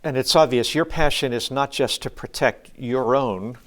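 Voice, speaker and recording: A man's voice: medium pitch, moderate pace. Male pastor interviewer, brief and affirming.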